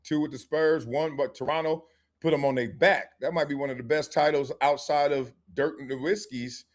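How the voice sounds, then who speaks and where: A middle-aged man hosting a casual sports talk show, loud and joking, laughing often and acting out his kids in put-on voices. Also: on the high side, steady tone, moderate pace. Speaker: show host.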